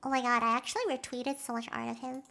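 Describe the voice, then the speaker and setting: High, bright giggly young woman streamer. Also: level tone, vocal fry. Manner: chatty, giggly, quick to react emotionally. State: has a headache. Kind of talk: casual chat with a live audience.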